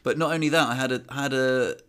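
Male podcast co-host, mid-pitched, easy anecdotal delivery. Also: steady tone, fast, a bit bright. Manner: storytelling, self-mocking. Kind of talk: casual chat, anecdotes. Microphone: headphones on, podcast mic.

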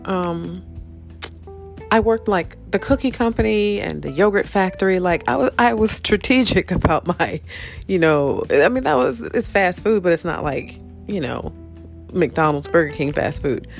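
Woman podcast host, low voice, salty comic rant, soft music underneath. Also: lively intonation, measured pace, gravelly. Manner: candid, profane, laughing often. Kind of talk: comedic storytelling rant.

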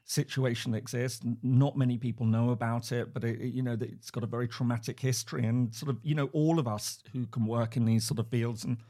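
A man with an English accent, an academic guest on a podcast, speaking in a relaxed, halting way with many restarts and frequent laughs. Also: mid-range voice. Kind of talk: casual interview talk. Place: at home, remote.

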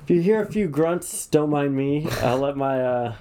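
A man's voice: fairly high pitch, lively intonation, normal speed, mellow, a little hiss or hum. Young man recovering in bed, joking. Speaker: podcast co-host. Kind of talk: casual chat. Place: his own house.

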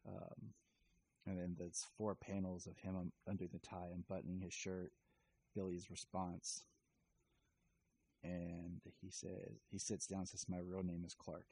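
A man's voice: low voice, level tone, unhurried, creaky, pauses often, mellow, husky, low-quality recording. A man casually retelling and reviewing a comic, rambling with many fillers. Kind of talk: casual chat.

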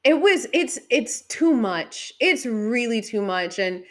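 A woman telling stories in a frank, profane, casual monologue, jumping between loud outbursts and quiet, trailing asides. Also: on the high side, very animated, slow pace. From San Diego area.

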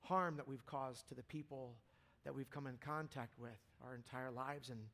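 A male pastor delivers a sermon in a casual, conversational way. His medium-pitched voice moves between hushed, quiet stretches and loud, intense outbursts. He talks to a congregation in a church hall. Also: steady tone, moderate pace. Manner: casual preaching, swings from hushed to loud and fervent.

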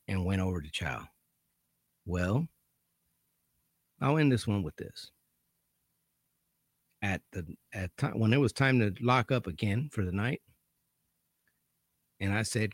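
A man's voice: lowish voice, vocal fry, no room sound, clean studio sound. A man telling a story about his work as a corrections officer in a casual, profane, dryly amused way.

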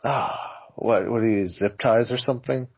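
A man with a gravelly, husky voice tossing off dry deadpan jokes in casual podcast talk. He mumbles through his lines without much lift. The audio is slightly dull and lo-fi. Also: mid-range voice, normal speed. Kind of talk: casual banter.

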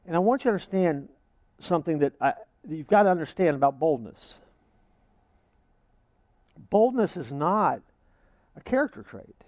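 A man preaching a sermon as pastor, lively, acting out what his listeners might say. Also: on the high side, moderate pace, long pauses, no room sound. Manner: lively preaching, acts out imagined congregants.

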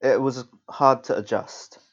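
A man's voice: medium pitch, fairly even intonation, a little slow. A man hosting a podcast, speaking in casual conversation in a thoughtful, reflective way with hesitant restarts. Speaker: podcast host. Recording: dull lo-fi sound.

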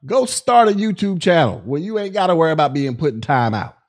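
A man's voice: on the high side, sing-song, brisk. A male podcast host on a live stream, ranting in a profane, mocking way at critics.

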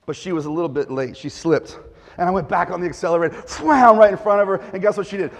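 A male pastor preaching a sermon, telling stories with lively sound effects and asides. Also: high-pitched, quick pace, vocal fry. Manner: animated storytelling with sound effects. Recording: echoey hall reverb.

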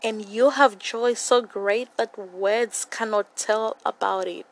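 An earnest young woman speaks a devotional Bible reflection. Her voice sits a little high, and she repeats key phrases for emphasis. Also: steady tone, slow, low-quality recording.

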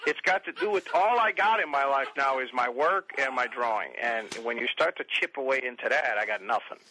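A man, telling profane, animated stories as a podcast guest and mimicking other people. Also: medium pitch, a little fast, slight background noise, rough recording. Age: 40s. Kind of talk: casual chat.

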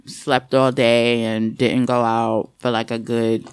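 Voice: medium pitch, flat delivery, takes it slowly, smooth. A speaker in a casual podcast chat who talks candidly and at length about personal experiences, in a chatty, reflective way.

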